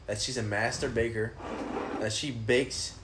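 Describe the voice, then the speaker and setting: A man's voice: medium pitch, fairly even intonation, unhurried, heavy background noise. A man hosting a casual podcast in his apartment, talking loosely and rambling with a lot of swearing. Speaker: podcast host. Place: apartment room.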